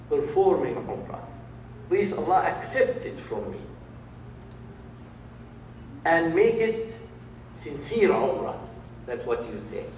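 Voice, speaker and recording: A man with a fairly high voice, teaching a mosque class, patient and repetitive. He is recorded from some way off in a roomy hall. The sound is dull, with a faint hiss behind him. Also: far from the mic. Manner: repeats phrases, restarts, slow deliberate teaching. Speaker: religious teacher. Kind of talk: instructional Q&A talk.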